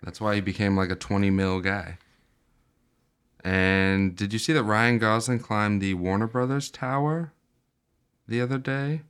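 Low-voiced man, smooth and dry-humored. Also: measured pace, fairly bright tone. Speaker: podcast co-host. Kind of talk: casual chat about movies.

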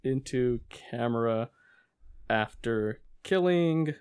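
A man in casual podcast conversation about a film, with a middle-pitched voice. He races through plot retellings and bursts into quoted lines from the scenes. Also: animated, takes it slowly, a little mellow, clean tone. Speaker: podcast co-host. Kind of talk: casual movie review chat.

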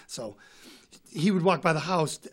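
A man's voice: a little high, a little slow, a crowd in the background. A man telling stories in a casual interview, rambling with frequent restarts and repeated words. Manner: rambling storyteller with frequent restarts, imitates others' voices. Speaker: guest singer and author.

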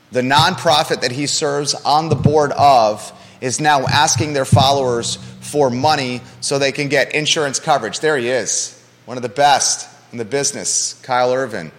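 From a studio, a man hosts a live local talk show, passionate and emphatic, hammering home his key points again and again. His mid-range voice is a bit bright, with a long reverb tail.

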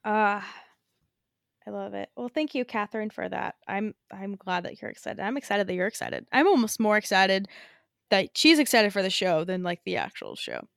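A young woman co-hosts a fan podcast in a loose, gushing way, laughing often. Her pitch swings widely as she talks. The sound is dry and close. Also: huge pitch swings, normal speed, creaky, no room sound. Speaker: podcast co-host. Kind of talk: casual chat.

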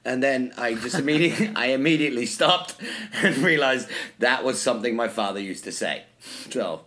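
A man's voice: mid-range voice, moderate pace, sharp tone. A man co-hosting a podcast, telling casual stories and swearing freely. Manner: laid-back storyteller, swears freely. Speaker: podcast co-host. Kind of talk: casual chat.

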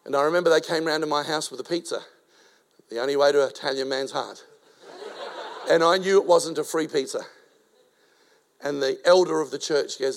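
Gravelly older man preaching. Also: fairly high pitch, a little fast, pauses often. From Australia. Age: 60s. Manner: rhythmic rhyming preaching, storytelling asides. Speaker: pastor. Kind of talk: sermon.

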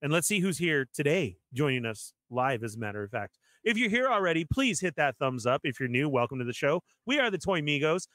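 A man's voice: on the high side, fairly quick, hardly any pauses, no room sound, clean studio sound. Upbeat man hosting a live toy stream. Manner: energetic, laughs a lot. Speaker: host.

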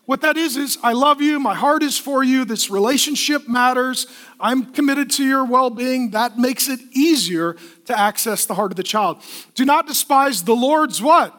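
A man preaching a sermon as pastor, telling stories in an animated way, acting out voices and asking the congregation to answer back. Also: very high voice, normal speed. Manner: animated storytelling with acted kid voices, asks the congregation for responses.

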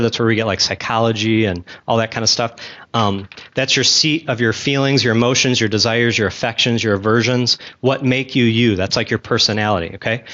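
A man's voice: medium pitch, a bit bright, muffled recording. Chatty man teaching a church class. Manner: conversational, chatty asides, asks the class questions; talks with gum in his mouth. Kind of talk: casual Bible teaching to a class.

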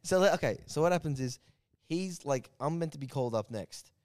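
A man's voice: fairly high pitch, fairly quick, dry recording, clean studio sound. A man telling a story in casual podcast banter, swearing a lot and acting out the people in it. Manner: profane, animated, acts out voices in stories.

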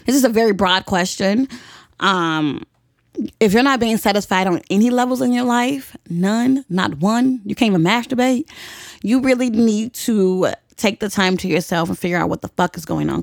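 A woman's voice: mid-range voice, normal speed, vocal fry, no room sound, studio quality. A young woman hosting a podcast, giving blunt, profane advice in casual chat and laughing often. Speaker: podcast host.

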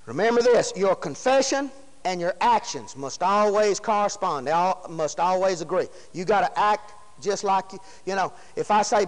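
High-pitched folksy preacher. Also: male voice, animated, normal speed. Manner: folksy, emphatic, rhetorical questions to the congregation. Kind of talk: sermon. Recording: long hall reverb.

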